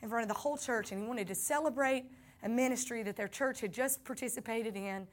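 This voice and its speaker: A woman's voice: on the high side, a little fast. A woman with a Southern accent giving an earnest personal faith testimony, speaking to her listeners as y'all.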